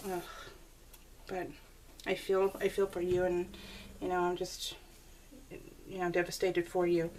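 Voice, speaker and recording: A woman in her forties chatting to her viewers while scrapbooking, gushing and laughing often. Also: lowish voice. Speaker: scrapbooking vlogger. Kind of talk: casual chat to viewers while crafting. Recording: slightly distant mic, faint background noise.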